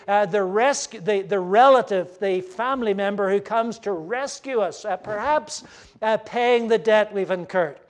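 A man with a high-pitched voice preaches a sermon to a gathered audience. He is earnest and emphatic, shifting between loud stresses and hushed asides.

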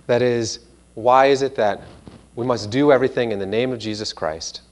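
A man preaching a sermon in a church, animated and earnest, sometimes mimicking voices in quoted asides. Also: mid-range voice, moderate pace. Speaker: pastor.

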